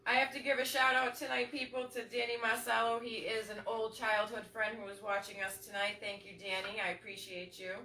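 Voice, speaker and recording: A woman's voice: fairly high pitch, little pitch movement, a little fast, hardly any pauses, bright, forceful tone. Blunt casual woman, swears, talks from back in a roomy echoey space. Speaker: podcast co-host. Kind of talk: casual chat. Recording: echoey room from far off, faint noise.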